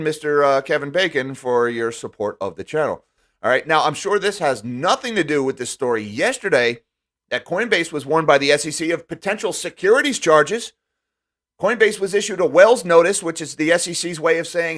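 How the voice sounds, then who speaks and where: A man's voice: a little high, expressive, moderate pace, fairly bright tone. A man hosting a finance commentary channel, reading headlines and reacting with dry sarcasm while talking straight to his viewers. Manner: sarcastic, talks directly to viewers. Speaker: finance video host.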